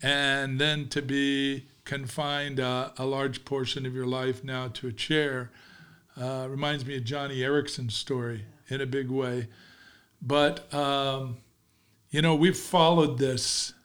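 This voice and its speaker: A man's voice: medium pitch, little pitch movement, takes it slowly, a bit bright. A man hosting an interview, often chiming in with short agreeing words. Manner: affirming, frequent agreeing interjections. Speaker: host. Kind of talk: interview conversation.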